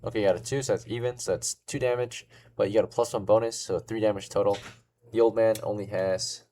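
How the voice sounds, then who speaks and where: A man's voice: lowish voice, steady tone, fast talker, warm tone. A man narrating as game master of a tabletop role-playing game, talking casually with many fillers.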